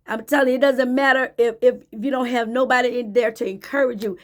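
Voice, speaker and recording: A woman's voice: on the high side, fairly even intonation, quick pace. A woman giving a faith-based motivational talk to camera, emphatic and preachy, repeating phrases for emphasis. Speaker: motivational speaker.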